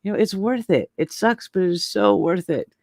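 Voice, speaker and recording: A woman's voice: mid-range voice, moderate pace, darkish tone, dry recording, clean studio sound. A woman in her forties talking candidly in casual chat, often breaking into laughs. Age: 40s.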